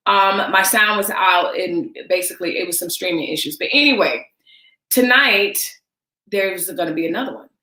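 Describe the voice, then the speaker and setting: A woman's voice: lowish voice, a bit bright, reverberant, rough recording. A woman hosting a casual livestream chat, candid and emphatic, speaking straight to her viewers with a sarcastic edge. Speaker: livestream host.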